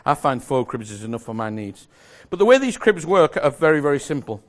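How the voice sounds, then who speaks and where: A man's voice: mid-range voice, very animated, fairly quick. Chatty man lecturing on magic. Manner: chatty, self-correcting, joking with the audience. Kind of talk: live lecture explaining a routine. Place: lecture room with a live audience.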